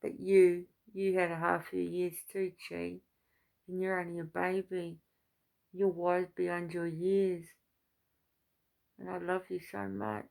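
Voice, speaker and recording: A woman's voice: lowish voice, little pitch movement, measured pace, gravelly, mellow. A middle-aged woman chatting to camera in a rambling, heartfelt way, with many restarts. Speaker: vlogger. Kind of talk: casual chat to camera.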